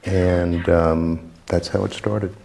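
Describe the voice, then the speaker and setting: Halting deep-voiced man recalling a story. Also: level tone, gravelly, mellow. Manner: halting, many fillers and restarts. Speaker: producer on a panel. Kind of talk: anecdotal panel talk. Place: theater stage before a live audience.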